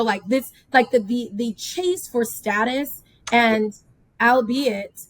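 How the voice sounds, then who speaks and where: A woman hosting a podcast interview, talking in a thoughtful, measured way. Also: medium pitch, no room sound. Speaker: podcast host. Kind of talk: casual interview talk.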